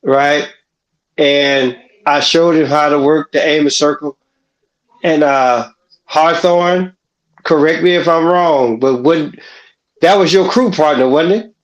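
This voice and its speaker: Slow, deliberate man in an echoey room. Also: on the high side. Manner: slow, deliberate, addresses comrades by name. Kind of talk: casual reminiscing. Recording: roomy echo.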